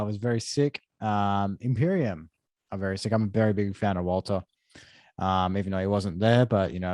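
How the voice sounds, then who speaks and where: A man with a fairly low voice hosts a casual review chat. He sounds upbeat and swears casually, and the room is dry. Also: darkish tone, dry recording.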